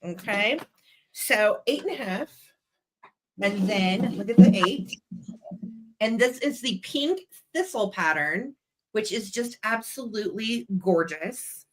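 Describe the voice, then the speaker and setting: A woman runs a live online vintage sale, chatting effusively as she shows off each item and speaks directly to the chat in a sales pitch. Her voice is mid-range and a bit bright, and the audio is poor.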